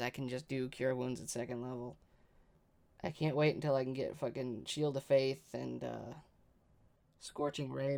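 A tabletop game player thinking aloud, excitable and swearing freely. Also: mid-range voice, creaky. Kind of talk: casual tabletop game play.

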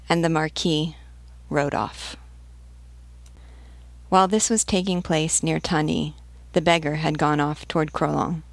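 A woman reading a classic novel aloud in a measured, deliberate narration. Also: low voice, steady tone, gravelly, no echo. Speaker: audiobook reader. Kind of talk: literary audiobook narration.

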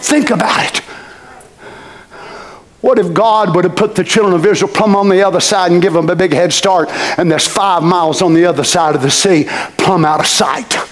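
High-voiced fervent preacher man. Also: fairly even intonation, normal speed. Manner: fervent, rises to shouting with bursts of hallelujah. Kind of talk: sermon.

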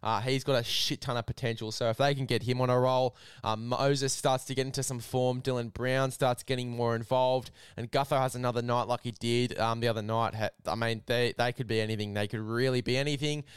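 A man's voice: mid-range voice, little pitch movement, brisk, hardly any pauses, smooth, no room sound, studio quality. A man hosting a casual rugby league podcast, matey and swearing freely, hyping up a sponsor read. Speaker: podcast host.

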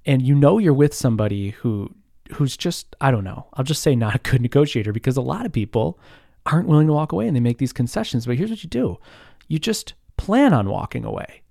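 A man in his thirties telling stories in a relaxed, rambling chat, full of fillers and quick laughs. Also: mid-range voice, vocal fry, no room sound, studio quality. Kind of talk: casual storytelling chat.

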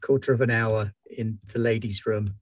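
A man's voice: fairly low pitch, fairly even intonation, normal speed. A man playing a tabletop game, speaking formally and measuredly in character. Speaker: player. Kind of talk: in-character role-play.

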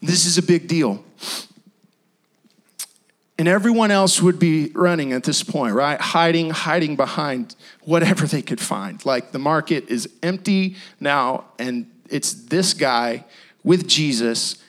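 A male pastor preaching a sermon in an emphatic, repetitive style with dramatic pauses. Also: a little high, a bit bright.

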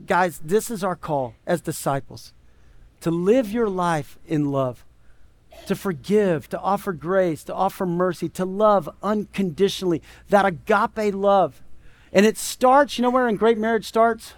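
A man's voice: high-pitched, unhurried, dry recording. A man preaching a sermon as pastor, conversational and emphatic, full of rhetorical questions.

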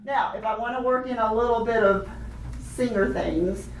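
Animated woman leading a music workshop. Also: on the high side, moderate pace, very noisy. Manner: animated, leads chanted echo rhythms, laughs often. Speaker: children's music workshop leader. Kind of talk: hands-on workshop teaching. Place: workshop room with participants. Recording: echoey room, voice from a distance.

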